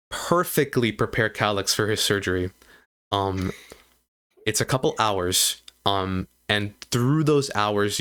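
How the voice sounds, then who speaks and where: A man's voice: lowish voice, a bit bright. Man narrating as game master. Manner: rambling, many fillers, quick bursts.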